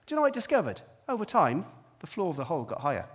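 A man delivers a sermon drawn from his own life, with a voice sitting somewhat high for a man. He drops to quiet, hushed stretches and then climbs to strong, emphatic peaks. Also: wildly swooping pitch, very fast, slightly rough. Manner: personal storytelling, swings from quiet to emphatic. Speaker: preacher.

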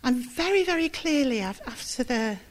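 A middle-aged woman speaks in a somewhat high voice as she shares a sermon built on her own testimony. She is candid and self-deprecating, stumbles and restarts often, and sounds close to tears. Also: expressive, moderate pace. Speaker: church speaker giving testimony.

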